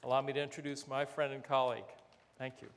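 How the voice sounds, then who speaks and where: A man's voice: medium pitch, level tone, fast talker, noisy background. Man introducing a speaker in a hall. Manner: friendly, informal, hesitant. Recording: lecture hall reverb.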